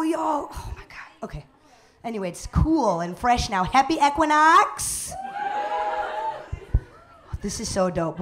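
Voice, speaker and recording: A woman hosting a live stand-up comedy show, loud and playful, working the crowd. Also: medium pitch.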